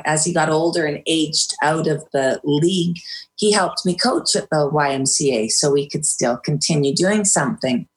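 A middle-aged woman, a guest in an interview, recounting a hard time candidly and with feeling, with some hesitant restarts. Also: lowish voice. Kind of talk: personal storytelling in an interview.

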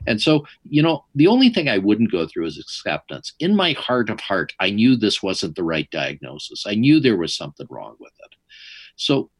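Man, middle-aged, husky voice, lively swooping pitch, dry close sound, wry storyteller. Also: moderate pace, no room sound. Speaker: interview guest. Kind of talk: storytelling in an interview.

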